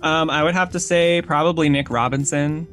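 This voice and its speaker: A man's voice: fairly high pitch, steady tone, normal speed, a bit bright, soft background music. A man chatting casually on a podcast, hesitant and self-conscious, laughing often.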